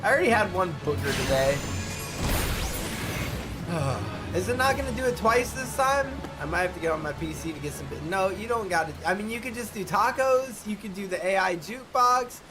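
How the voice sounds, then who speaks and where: Animated streamer man chatting with viewers. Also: sits high, fast, hardly any pauses, over music. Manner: animated, exasperated, talks to chat. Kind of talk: casual live-stream chat.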